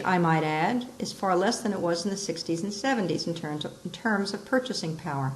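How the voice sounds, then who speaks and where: A woman teaching rhetorical terms, explaining each one and acting out the examples with lively emphasis. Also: on the low side, fairly quick, few pauses, poor audio. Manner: explains with examples, acts out quoted lines expressively. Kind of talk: recorded lesson on rhetorical terms.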